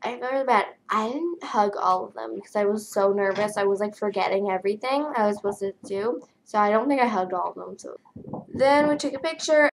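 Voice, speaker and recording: A young woman vlogger tells a story in a tired, flat way and fills it with lots of "like" and "um". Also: mid-range voice, brisk, slight background noise. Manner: tired, flat delivery with many fillers. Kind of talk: casual storytelling vlog.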